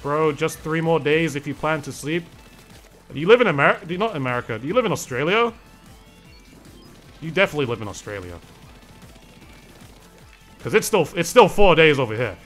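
A man's voice: fairly high pitch, animated, fairly quick, long pauses, fairly bright tone, faint music behind. A young man streaming a video game, chatting casually, reading and answering chat and laughing often.

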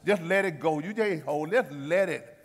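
A man leading a church Bible study as pastor, talking in a folksy, animated teaching way. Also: on the high side, moderate pace. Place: church sanctuary. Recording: long church reverb.

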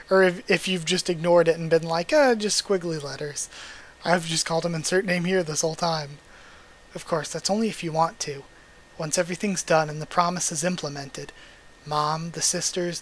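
A man with a fairly high voice hosts a manga readthrough, reading the dialogue aloud and breaking off for emotional, chatty asides. The recording quality is low.

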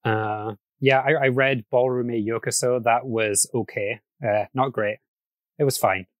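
A man hosting a casual podcast, chatty and quick to laugh, often restarting his sentences. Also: medium pitch, steady tone, no room sound. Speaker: podcast host.

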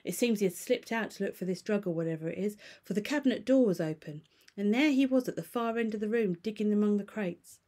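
Woman doing a scared old butler, urgent and pleading, a bit higher and louder than her reading voice. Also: fast talker, close to an everyday voice. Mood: shaken. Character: frightened loyal old male butler. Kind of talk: storybook reading.

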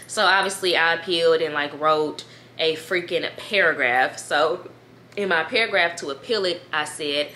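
A young woman in her twenties talking casually to camera as a YouTuber, chatty and animated, reading emails aloud and calling her viewers "girl.". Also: on the low side, measured pace, slight background noise. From United States. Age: 20s. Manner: reads emails aloud, trails off with "da, da, da".

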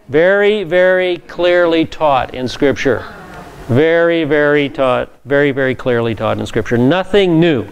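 A male pastor teaching a Bible class, reading scripture and explaining it with lively asides. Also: a little high, a little hiss or hum.

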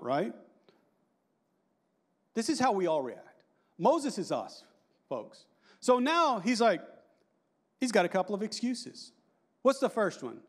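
A man in his fifties giving a lively, joking conference talk and quizzing the audience. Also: high-pitched, slow pace, long pauses. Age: 50s. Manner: animated and joking, asks the audience questions. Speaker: conference speaker.

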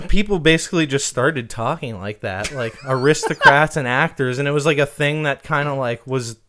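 A man's voice: mid-range voice, normal speed, fairly bright tone. A man co-hosting a podcast in casual chat, rambling with lots of fillers and laughing often. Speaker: podcast co-host.

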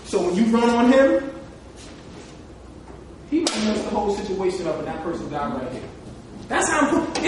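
A man's voice: high-pitched, noisy background. A man from New Jersey giving a live motivational talk, emotional and repetitive as he tells stories. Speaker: motivational speaker. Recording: echoey hall from far off.

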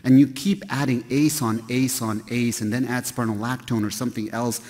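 A man's voice: mid-range voice, steady tone, fairly quick, darkish tone. A man who is a kidney doctor giving a conversational lecture to a live audience, joking and firing rhetorical questions at them. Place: large hall with an audience. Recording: long hall reverb from a lecture room.

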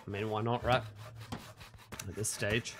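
A man's voice: on the low side, flat delivery, measured pace, fairly bright tone, slight background noise. A casual, chuckling man narrating his game. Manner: joking, chuckling, talking to himself and his crew. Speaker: gaming streamer. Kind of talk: casual gameplay commentary.

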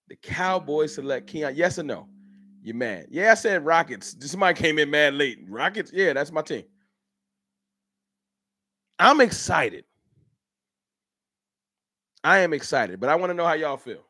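A man hosting a casual fan livestream, talking in an animated, slangy way and answering his chat by name. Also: mid-range voice, no echo, studio quality. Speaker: livestream host. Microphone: streaming setup.

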